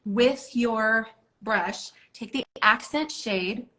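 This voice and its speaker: A woman's voice: on the high side, drawn-out words, pushed and bright, poor audio. A woman teaching a makeup lesson, coaching step by step in an encouraging, hands-on way with casual filler words. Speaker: makeup instructor. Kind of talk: instructional makeup tutorial.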